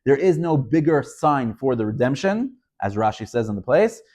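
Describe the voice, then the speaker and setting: A rabbi gives a Torah lesson in an emphatic, storytelling voice. This man keeps raising rhetorical questions and presses each point home, in a middle-pitched voice. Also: sing-song, moderate pace, a little mellow. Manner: storytelling delivery. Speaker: rabbi teaching.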